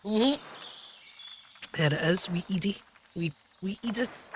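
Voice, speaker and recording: Woman gamer, hoarse and deep today, slow unhurried talk, cusses at the game, faint hiss in the room. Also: expressive. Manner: swearing, exasperated, chatty. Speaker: streamer. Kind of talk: casual gaming stream commentary.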